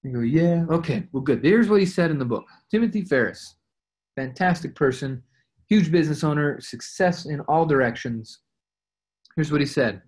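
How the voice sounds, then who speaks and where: A man's voice: on the high side, expressive, normal speed, darkish tone. A man leading a team call as a real estate investing coach, talking conversationally and acting out sample conversations. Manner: conversational, acts out sample dialogues.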